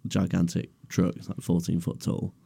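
A man's voice: low voice, completely flat delivery, normal speed, gravelly, mellow, breathy edge, no room sound. A young man in a garage, telling a story as podcast co-host in a laid-back, sweary way and laughing along. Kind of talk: casual storytelling chat.

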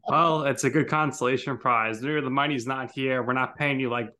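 A man's voice: medium pitch, steady tone, moderate pace, sharp tone. A man hosting a podcast, joking around with his guest and wrapping up the show in a friendly, casual way. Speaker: podcast host.

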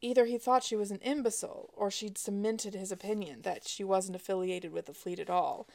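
A woman, the author, narrating her space adventure novel aloud in a wry, expressive way. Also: medium pitch, brisk, vocal fry. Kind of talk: audiobook narration.

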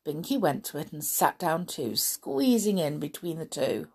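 A woman reading a children's story aloud, expressive, with dramatic hushes and gasps. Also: deep voice, normal speed, breathy edge.

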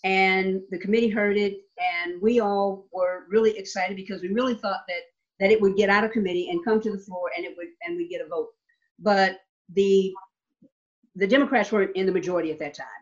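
A woman's voice: medium pitch, steady tone, a little fast. A woman state legislator telling a story in an interview, emphatic, repeating words and checking in with "okay?". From Nevada. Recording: slightly dull lo-fi sound.

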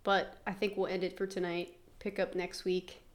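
A woman's voice: on the low side, little pitch movement, moderate pace. Chatty West Virginian woman podcaster. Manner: chatty, giggly, loose storytelling. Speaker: podcast co-host. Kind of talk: casual podcast chat.

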